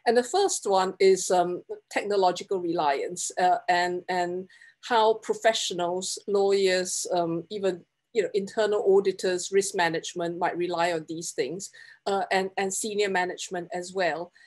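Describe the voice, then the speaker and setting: A woman's voice: fairly low pitch, fairly even intonation, moderate pace, darkish tone. A woman moderating an online panel, polite and hesitant, with frequent fillers and restarts, on a video call.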